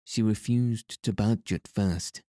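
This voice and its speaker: Man plays grubby old storybook trader; rasping lisp, obsequious, dark dry voice. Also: fairly low pitch, steady tone, slow pace, dry recording. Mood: wheedling. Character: elderly grimy male trader, humble and wheedling.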